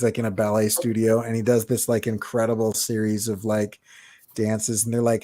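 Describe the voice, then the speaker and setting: Low-voiced man chatting on a podcast. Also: moderate pace, no room sound. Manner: animated storytelling, laughs often. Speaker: podcast co-host, artist. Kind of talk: casual chat.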